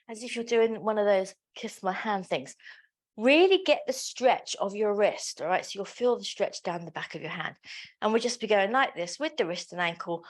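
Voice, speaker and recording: A woman teaching a live pilates class, giving counted cues with joking, chatty asides. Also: mid-range voice. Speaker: pilates instructor. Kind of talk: live exercise class instruction.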